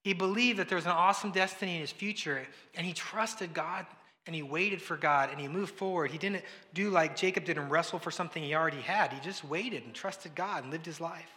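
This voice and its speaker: Bright-voiced preacher in an echoey hall. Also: male voice, on the high side, fairly quick. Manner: conversational preaching, acting out quoted voices, swings between loud and hushed. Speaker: pastor. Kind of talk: sermon.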